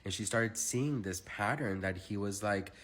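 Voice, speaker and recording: A man's voice: fairly low pitch, normal speed, a bit bright. A young man telling a gossipy story to his followers, chatty and dramatic, with sassy asides and lots of fillers. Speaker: celebrity gossip vlogger.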